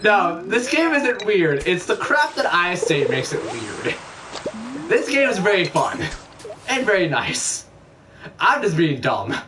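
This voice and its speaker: A man in his twenties chatting through a game stream in a flat, self-mocking monotone. His pitch still leaps when he gets animated. He is picked up from a distance with a steady hiss behind. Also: slow pace. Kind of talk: casual gameplay commentary.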